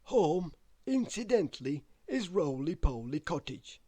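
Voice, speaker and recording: A woman reading a bedtime story aloud in an expressive, unhurried way. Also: sits low, breathy edge, no echo.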